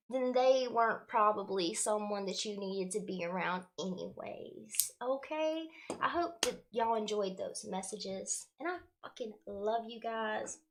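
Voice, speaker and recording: Effusive woman hosting a livestream. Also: sits high. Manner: warm, effusive, greets viewers by name with spiritual terms; casual slangy speech, swears now and then. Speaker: spiritual livestream host and card reader. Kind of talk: casual livestream chat with viewers.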